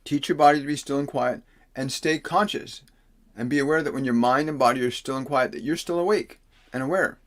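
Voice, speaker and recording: A man, a spiritual teacher on a livestream, reads out viewer questions and answers with slow, soothing instructions, sometimes slowing into solemn pronouncements. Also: medium pitch. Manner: slows into solemn, preacher-like pronouncements. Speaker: spiritual teacher giving readings.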